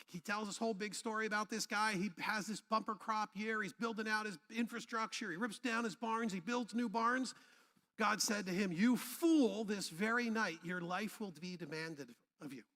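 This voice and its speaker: A man pastor delivers a sermon in a high, bright voice, conversational and laced with humor. He pulls the congregation into call-and-response. His words ring out with the long reverb of a church hall. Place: church sanctuary.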